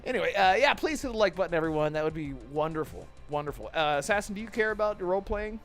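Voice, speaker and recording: A man with a fairly high voice hosts a casual gaming podcast, talking in loose, rambling stretches with plenty of restarts. Faint music runs quietly behind him. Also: expressive, quick pace. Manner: rambling, with restarts and chat shout-outs. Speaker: podcast host.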